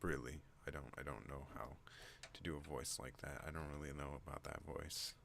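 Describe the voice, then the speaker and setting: A man hosting an ASMR vlog, rambling in a soothing, deliberately deep and slow voice. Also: steady tone, gravelly, a bit bright, a little hiss or hum. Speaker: ASMR channel host.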